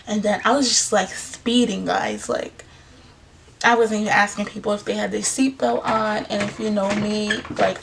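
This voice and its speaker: Young woman, vlogger, casual storytelling, emotional, fry in the voice, slight background hiss. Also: mid-range voice. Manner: emotional, retells events by acting out others' words.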